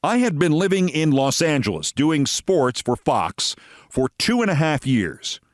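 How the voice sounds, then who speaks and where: A man's voice: on the high side, sing-song, measured pace, no echo, clean studio sound. A man from New York, hosting a scripted political commentary show in a sarcastic, theatrical manner. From New York, USA.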